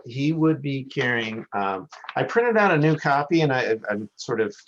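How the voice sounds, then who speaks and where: A man playing in a tabletop game, rambling and excitable, often searching for words. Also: medium pitch, normal speed, highs cut off, slight background noise. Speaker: player.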